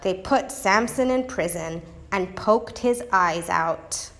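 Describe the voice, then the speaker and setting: A woman teaching a church lesson, telling a Bible story in a slow, expressive storytelling manner. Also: medium pitch, soft background music.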